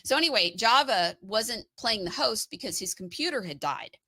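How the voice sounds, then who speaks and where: A chatty woman with a lilt and a bright, forceful voice, close and dry on the mic. She tells stories with lots of energy and laughs easily as she co-hosts a live stream. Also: medium pitch, normal speed, dry recording. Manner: chatty, laughs often, animated storytelling. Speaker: co-host of a live stream show. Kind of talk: casual chat.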